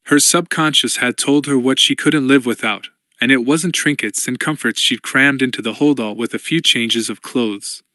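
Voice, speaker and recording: Measured male audiobook narrator, dry sound. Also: mid-range voice, bright, forceful tone, no echo. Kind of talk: scripted narration.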